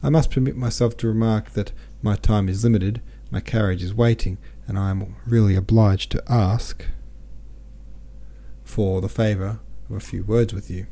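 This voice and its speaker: A man voicing a stiff, pompous businessman suitor who speaks coldly and formally in a high sing-song. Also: fairly even intonation, moderate pace, gravelly, mellow. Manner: formal and cold.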